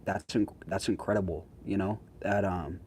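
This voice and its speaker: A man's voice: low voice, fairly even intonation, normal speed, a little mellow, slight background noise. A young man chatting casually with his viewers as a social media creator, in a slangy, laid-back way.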